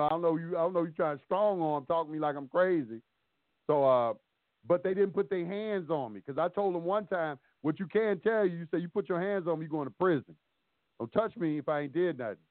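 A man with a fairly high voice tells stories casually on a call-in show, playing both sides of the dialogue himself. He's on a phone call, and the line sounds tinny and dry.

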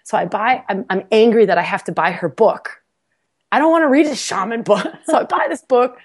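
A podcast guest with a husky, rather high voice talks fairly quickly as she shares a story from her life in a casual interview. She keeps laughing, teases herself, and tells it all with animation, repeating words whenever a sentence starts over.

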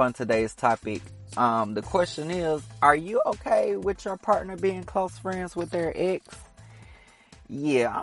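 A man hosting his own podcast in a casual, opinionated solo monologue, teasing that he will stir up controversy. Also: mid-range voice. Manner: chatty and opinionated, teasing about stirring controversy. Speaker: podcast host.

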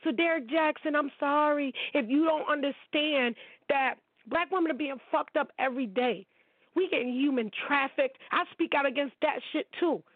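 A woman's voice: sits high, normal speed, no echo. Blunt, profane woman on a tinny line. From United States. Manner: blunt and profane, calling people out. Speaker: podcast host. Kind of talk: ranting commentary monologue. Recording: tinny phone-like sound.

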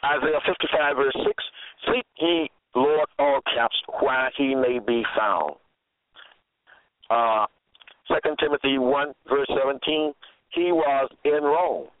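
A man teaching from scripture in a slow, deliberate way, reading out verse after verse and restating each one. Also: medium pitch. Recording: tinny phone-line sound, dry.

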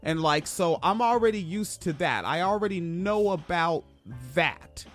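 A man from Washington State hosting a podcast, telling stories in a profane, animated way. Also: measured pace, faint music behind. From Washington State, USA. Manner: profane, animated, swings pitch for emphasis. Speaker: podcast host. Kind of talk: casual storytelling chat.

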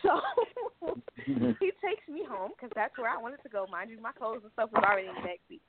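A woman's voice: on the high side, fairly quick, husky. A young adult woman co-hosting a talk radio show, telling a story with lots of swearing and acted-out quotes. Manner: animated, swears freely, acts out quotes. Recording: tinny phone line with crowd noise.

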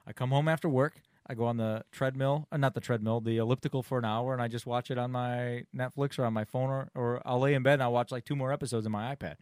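Chatty man, mid-pitched, dry mic. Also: fairly even intonation, fast, hardly any pauses, darkish tone, clear, resonant tone, no echo. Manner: enthusiastic, chatty, repeats himself. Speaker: podcast host. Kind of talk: casual chat.

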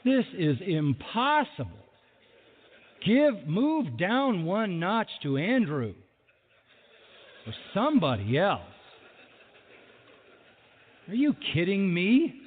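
A man preaching a sermon in an animated way, full of rhetorical questions and mock exasperation. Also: high-pitched, slow, pauses often, slight background noise. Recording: phone-like audio in a large echoing hall.

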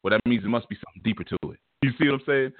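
A man hosting an online radio talk show, talking in an animated, emphatic way and repeating words as he starts his thoughts. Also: medium pitch, racing, no room sound. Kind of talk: casual talk show monologue. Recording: dry, tinny phone line.

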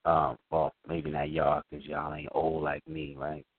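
A man's voice: very deep voice, completely flat delivery, unhurried, no echo. A middle-aged man co-hosting a casual podcast, speaking loosely in with slang and profanity. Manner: loose, profane, talks in slang with many fillers. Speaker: podcast co-host. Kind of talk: casual chat. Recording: dry, phone-like lo-fi sound.

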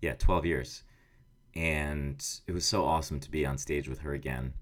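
A rambling American man hosts his podcast with a strikingly deep, low voice. He talks in a loose, self-mocking way, swearing casually as he wanders from thought to thought. He sounds roughly thirty. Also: steady tone, moderate pace. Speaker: podcast host. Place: indoor office studio.

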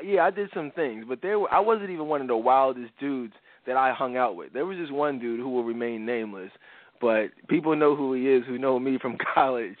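Preachy animated male radio host, phone-thin. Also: mid-range voice, dry recording. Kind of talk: casual radio talk. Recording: dry phone-like radio sound.

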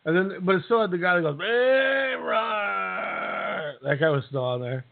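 A podcast co-host with a fairly high, rapid-fire voice recaps a reality show in casual chat over a tinny, phone-like line. He's rambling and jokey, restarting his sentences a lot.

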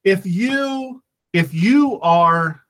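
A man's voice: sits high, expressive, drawn-out words, a bit bright. A man hosting a talk radio show, speaking as a pastor in a fervent, emphatic monologue that repeats phrases for effect.

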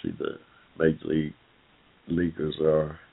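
Deep-voiced man on a tinny phone line. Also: completely flat delivery, unhurried, creaky. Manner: rambling, frequent "uh" fillers, addresses listeners as "y'all". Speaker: online forum host. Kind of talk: casual talk-show commentary.

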